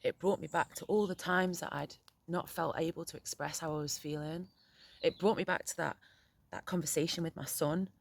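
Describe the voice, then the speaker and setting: Middle-aged woman, gravelly voice, frank and halting, swears. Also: low-pitched, fairly even intonation, no echo. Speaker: poet and parent. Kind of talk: candid reflective monologue.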